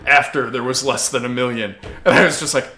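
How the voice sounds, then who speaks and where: Young comedian guy, bright voice, keeps laughing mid-story, crude casual chat. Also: medium pitch, fairly even intonation, a little fast. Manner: laughs through his stories, crude and gleeful. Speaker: comedian guest.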